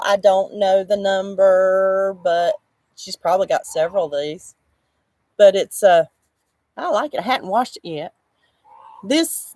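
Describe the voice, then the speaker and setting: Sitting in the shade outside, a woman runs a relaxed crochet livestream, laughing frequently as she chats and reads out comments from viewers. Her voice is mid-range, with no room sound in the recording.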